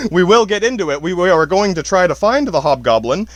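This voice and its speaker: A man's voice: sits high, sing-song, a little fast, no room sound. A man hosting a podcast, talking in a rambling, profane monologue and laughing often between his points. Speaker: podcast host. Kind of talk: casual monologue.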